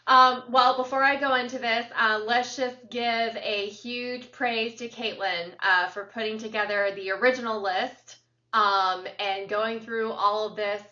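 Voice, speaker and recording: A woman co-hosting a podcast, chatting casually as an animated storyteller who fills her talk with ums and uhs. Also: fairly high pitch, unhurried. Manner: animated storyteller, lots of fillers. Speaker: podcast co-host. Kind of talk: casual chat. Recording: roomy, distant, dull sound.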